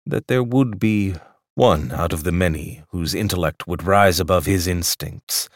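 A man's voice: low voice, a little slow, dry recording, clean studio sound. A man voicing an impassioned, idealistic man who makes grand speeches for a lost cause, in an audiobook reading. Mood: rueful. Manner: fervent, oratorical, speechmaking. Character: impassioned idealistic man preaching bee liberation.

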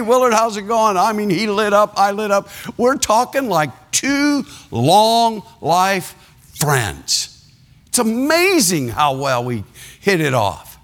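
A man's voice: high-pitched, fairly bright tone. A man preaching a sermon as a pastor, telling a story with laughter and acting out the people in it.

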